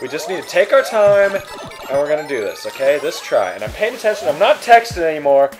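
A young man casually commentating a video game, excitable and crude with sudden loud yelps. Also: a little high, a little fast. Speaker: let's play gamer. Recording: game music under voices.

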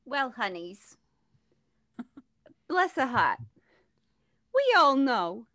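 A woman's voice: high voice, sing-song, very slow, pushed and bright, no echo, studio quality, exaggerated voice. A woman voicing a doting, sweet-talking woman in a put-on Southern US accent that keeps sliding. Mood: folksy. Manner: drawling, endearing terms.

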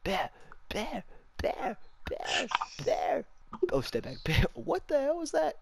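A man's voice: very high voice, huge pitch swings, takes it slowly, vocal fry. A man in casual gaming chat, laughing so hard he keeps gasping for breath. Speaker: streamer in game chat. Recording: noisy background.

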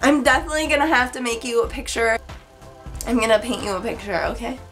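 A woman's voice: fairly high pitch, fast talker, a bit bright, soft background music. A young woman vlogging an unboxing, gushing with squealing exclamations and chatty asides, her voice cracking. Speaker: YouTuber. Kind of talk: excited unboxing vlog.

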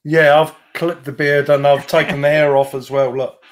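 A man's voice: fairly high pitch, level tone, moderate pace. A middle-aged man from East London with a Cockney accent, chatting as a guest and telling stories with a joking manner. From East London, England. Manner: chatty storyteller, jokey. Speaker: guest, former fire brigade chief. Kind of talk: casual chat.

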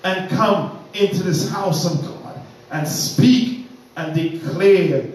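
A man prays aloud with fervent, rhythmic repetition, his voice sitting a touch high for a man. The sound rings through a very echoey church room, picked up from well away from the mic. A faint hiss of background noise sits under it. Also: slow pace, a little mellow, distant mic. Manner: fervent, rhythmic, repeating phrases in litany. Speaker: minister leading prayer. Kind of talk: opening prayer at a Bible study. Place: church, indoors.

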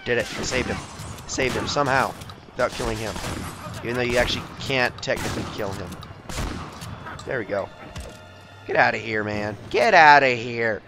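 A young man giving jokey, excitable commentary over a video game he is playing, often talking to the characters on screen. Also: mid-range voice, normal speed, long pauses, heavy background noise. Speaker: gameplay commentator. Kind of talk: let's play commentary.

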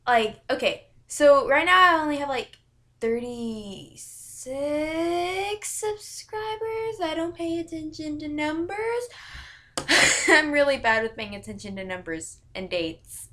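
A woman's voice: high-pitched, big pitch swings, normal speed, bright, forceful tone. A woman chatting casually to the camera as a YouTuber, giggly and rambling, often correcting herself. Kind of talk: casual vlog chat to camera.

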